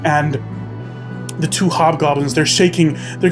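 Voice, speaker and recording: A man's voice: fairly high pitch, moderate pace, music in the background. A man running a tabletop game as game master, narrating scenes in a descriptive way with frequent filler words.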